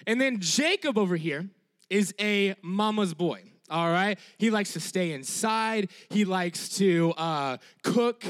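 A man preaching a sermon in an animated, emphatic way, repeating key phrases and checking in with "all right?" after many sentences. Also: high voice, takes it slowly.

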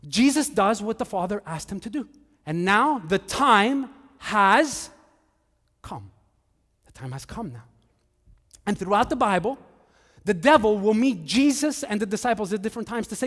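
A male pastor preaching a sermon, earnest, moving between hushed and emphatic. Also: high voice, sing-song, normal speed, long reverb tail.

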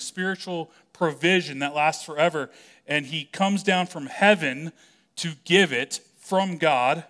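A man preaching a sermon in a conversational, animated way, acting out the voices of the people he quotes. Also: fairly high pitch. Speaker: pastor.

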